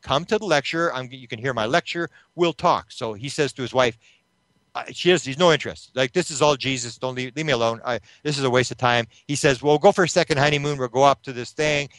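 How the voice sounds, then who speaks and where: A man being interviewed, telling a long story with animated retelling, acting out the voices of the people in it. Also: medium pitch, fast talker, dry recording. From Canada. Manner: animated retelling that acts out quoted voices, with restarts. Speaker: interview guest, UFO researcher.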